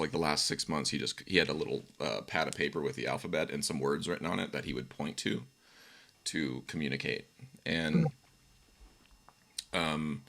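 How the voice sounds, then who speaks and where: Deep gravelly man, reflective talk. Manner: conversational, reflective, with soft laughs. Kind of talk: empathetic call-in conversation.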